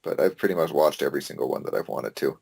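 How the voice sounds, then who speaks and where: A man co-hosting a podcast in casual chat, excitable and swearing casually, often restarting sentences. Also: very deep voice, fast talker, creaky, breathy edge. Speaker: podcast co-host.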